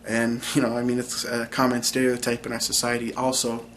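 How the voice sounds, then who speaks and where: A man's voice: medium pitch, completely flat delivery, fairly quick, a bit bright, slight background noise. A young man casually explaining a language topic, hesitant and full of ums. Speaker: language channel host.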